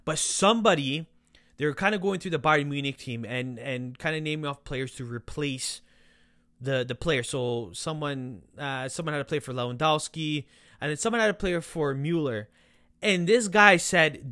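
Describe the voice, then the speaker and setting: A young man hosting a casual football podcast, excitable and animated, with loud outbursts and quieter asides. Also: fairly high pitch, moderate pace, no echo, clean studio sound. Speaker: podcast host.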